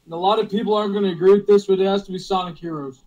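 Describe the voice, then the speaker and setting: Casting note: young male co-host, high voice, playful and jokey. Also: steady tone, racing, dull audio, crowd noise. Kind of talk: casual group chat.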